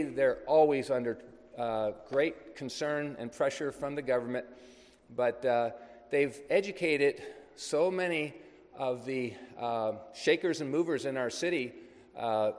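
A man's voice: mid-range voice, a little mellow, in a large hall. A man speaking as a missionary in a church, telling a ministry story in a loose, anecdotal way to a congregation. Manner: conversational, anecdotal, loose with pauses.

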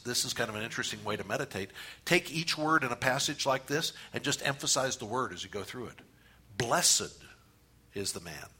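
A man preaching a sermon, animated, with repeated phrases and pauses. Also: mid-range voice, husky. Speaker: pastor.

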